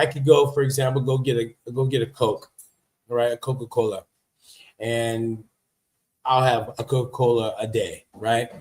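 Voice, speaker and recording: A man in a casual livestream monologue with a mid-pitched voice. He talks in a chatty, emphatic way, restating his points and commenting on what he reads. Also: darkish tone. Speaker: livestream host. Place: living in Vietnam.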